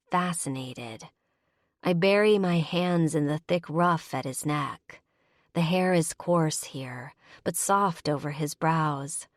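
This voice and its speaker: A woman narrating a first-person romance audiobook in a measured, intimate way. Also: on the low side, dry recording, clean studio sound.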